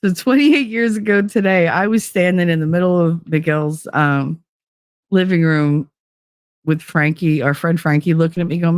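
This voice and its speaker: Animated woman telling stories, dry mic. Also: normal speed, dry recording. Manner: animated, acts out quotes with big pitch jumps. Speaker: podcast host. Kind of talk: casual storytelling monologue.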